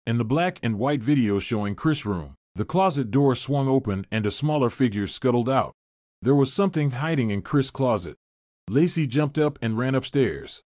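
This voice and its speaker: A man narrating a scripted story in an even storytelling delivery. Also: medium pitch, no room sound, studio quality.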